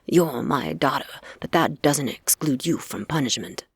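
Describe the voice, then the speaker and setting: A woman voicing a stern male Fae king who disapproves of his daughter, in a low, hushed and measured delivery. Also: expressive, breathy edge, no room sound, heavily acted.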